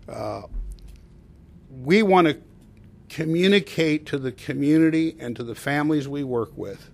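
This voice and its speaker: Guy running a public agency giving his report to the board, mid-pitched voice, earnest, lots of uh pauses. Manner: measured and earnest, with frequent "uh" pauses. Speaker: agency director. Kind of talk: formal progress report to a public commission.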